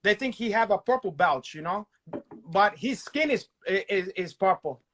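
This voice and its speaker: A man with a Brazilian Portuguese accent talks in a notably high voice. He banters crudely in broken English as a podcast co-host and peppers his lines with Portuguese exclamations. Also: animated, moderate pace, fairly bright tone.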